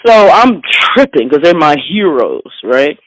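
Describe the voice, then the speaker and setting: A woman from Philadelphia, a bass player and interview guest, telling a lively anecdote. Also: unhurried, dry recording, low-quality recording. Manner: lively anecdote with voiced quotes. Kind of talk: animated storytelling.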